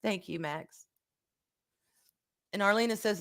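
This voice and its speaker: A woman's voice: mid-range voice, animated, unhurried, fairly bright tone. A middle-aged woman, hosting a casual livestream and reading viewer comments, talking frankly and emotionally and swearing freely. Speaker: livestream host.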